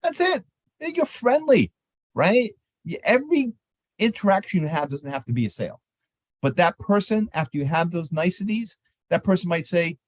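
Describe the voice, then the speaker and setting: A man teaches exhibitors how to work a trade show, his pitch swooping up and down as he acts out friendly exchanges with visitors. The sound is dry and close, with no room around it. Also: moderate pace, no echo. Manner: animated, acts out sample exchanges in lively voices. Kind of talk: seminar talk on trade show etiquette.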